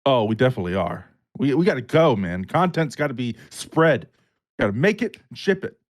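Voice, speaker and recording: A man's voice: medium pitch, big pitch swings, fairly quick. A young man hosting a podcast, joking around and swearing freely in casual chat. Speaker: podcast host.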